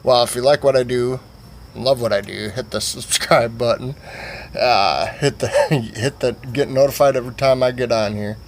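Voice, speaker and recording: A man's voice: mid-range voice, moderate pace. A man telling a crude comic story, rambling and profane, with a faint hiss behind him. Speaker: comedic storyteller.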